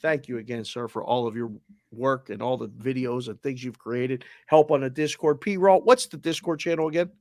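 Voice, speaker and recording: A man with a Boston accent hosting a sports talk show, running through listener names and places with energetic, casual shout-outs. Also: medium pitch, normal speed, no echo, clean studio sound. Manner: energetic, shout-outs with area codes and towns. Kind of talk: roll call of listeners, casual.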